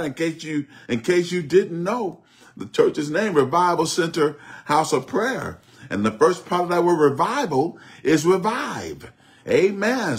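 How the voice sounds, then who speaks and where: A man's voice: a little high, a bit bright. A middle-aged man preaching a Bible study, repeating phrases and dropping frequent amens. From Oklahoma, US. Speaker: bishop teaching Bible study.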